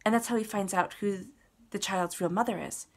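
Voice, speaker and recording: A woman's voice: medium pitch, moderate pace. A woman giving a casual, earnest tarot reading, talking straight to the listener and repeating words for emphasis. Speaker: tarot reader.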